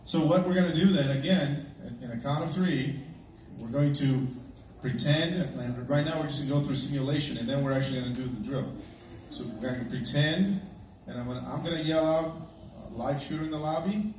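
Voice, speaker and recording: A man's voice: medium pitch, brisk, a little mellow. A man who serves as a church elder, leading a congregation through a security drill in a conversational way and often checking in with the audience. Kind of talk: addressing a congregation. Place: large echoey church hall, indoors. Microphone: distant livestream device. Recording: very echoey, distant, noisy live stream.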